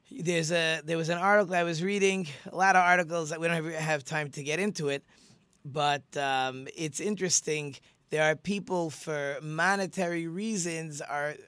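A middle-aged rabbi hosting his radio talk show rambles warmly through a story, chatty and full of ums, fillers and restarts. His slightly high voice is bright, forceful, clear and resonant. The studio recording is close and dry.

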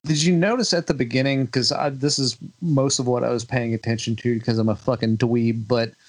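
A man's voice: medium pitch, steady tone, a little fast. A man co-hosting a casual film review podcast, blunt and wry, swearing freely as he chimes in. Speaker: podcast co-host.

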